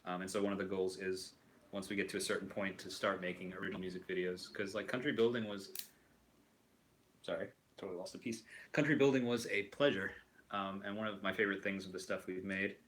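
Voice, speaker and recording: A man's voice: deep voice, fairly even intonation, fast, a bit bright, a little hiss or hum, low-quality recording. A man hosting a casual chat while building a toy kit, rambling with lots of fillers and restarts. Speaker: host.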